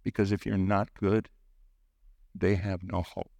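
A middle-aged preacher on a church teaching team delivers a sermon in a low, level, slightly slow voice that is creaky and darkish, captured in studio quality with no echo. He tells personal stories and acts out the people in them, lifting suddenly into their quoted voices.

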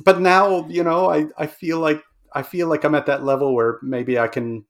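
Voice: mid-range voice, fairly even intonation, normal speed. A guest on a podcast who moved to Australia, talking thoughtfully with hedges and laughs. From abroad, living in Australia. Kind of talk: casual podcast chat.

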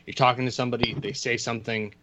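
A man co-hosting a casual film chat, joking in a dry, relaxed way. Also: medium pitch, very fast, a little hiss or hum. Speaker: podcast co-host.

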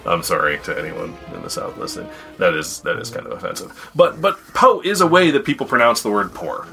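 Really deep-voiced woman hosting a goofy home podcast, lively up and down, faint music under it. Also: fairly quick, vocal fry. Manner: playful, jokey, laughs easily. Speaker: podcast host. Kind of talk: casual family podcast chat.

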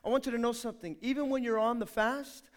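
A male pastor preaching a lively sermon, acting out quotes and swinging from hushed asides to shouted calls. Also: very high voice, fast talker.

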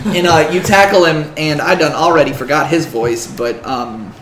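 A man's voice: on the high side, moderate pace, roomy sound, slight background noise. A man running a tabletop game as game master. He jokes and laughs often. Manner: animated, joking, laughs often.

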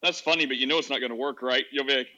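A man's voice: medium pitch, steady tone, very fast, pushed and bright, dull audio. A man hosting a casual group chat, who jokes a lot and says "like" often.

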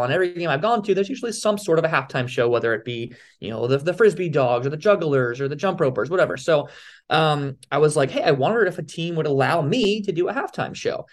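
Animated young man telling stories. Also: a little high. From Philadelphia area, USA. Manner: animated storyteller, acts out quoted dialogue. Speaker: guest, balancing performer. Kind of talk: casual storytelling interview.

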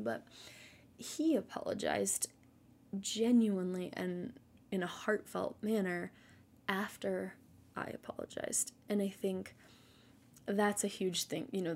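Woman, devotional teacher and mom: casual, earnest, gentle, husky tone with soft near-whispered stretches. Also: mid-range voice. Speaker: Christian mother giving devotional teaching.

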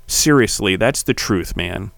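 A man hosting a podcast, delivering a heated, preachy solo monologue that swears and builds to shouting. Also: on the low side, animated, a little slow, creaky, dry recording. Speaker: podcast host.

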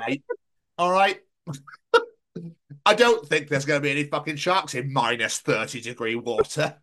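A man's voice: fairly high pitch, expressive, normal speed, a bit bright. A man hosting a podcast in casual chat, swearing and joking a lot. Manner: sweary, joking, does mock voices. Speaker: podcast host.

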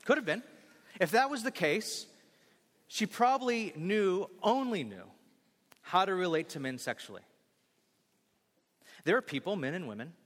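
A man's voice: high-pitched, big-room sound. A male pastor preaching a sermon in a church, acting out scenes and joking with the congregation. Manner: animated, acts out scenes, jokes with the congregation. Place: church sanctuary.

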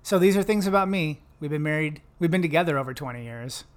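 A man's voice: on the high side, animated, fast talker. A man in his forties co-hosting a casual chat show with his wife, playful and teasing. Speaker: podcast co-host.

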